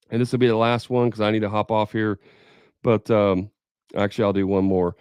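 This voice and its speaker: A man's voice: on the low side, flat delivery, fairly quick, a little mellow, smooth, no echo, clean studio sound. A man leading a live sales training for contractors, talking casually, thinking aloud and acting out customer conversations.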